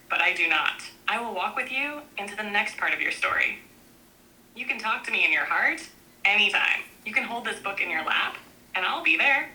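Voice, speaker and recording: A woman narrating a book aloud in a gentle, reassuring way, speaking in short, repeated affirmations. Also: mid-range voice, low-quality recording.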